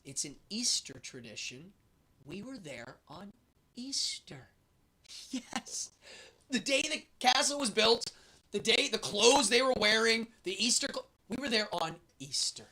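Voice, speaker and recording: A man hosting a show, telling a travel story in a lively, animated way and acting out the voices of the people in it. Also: sits high, a little slow, slightly rough. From United States. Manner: lively storyteller, acts out the guards' and his own lines. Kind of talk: animated anecdote.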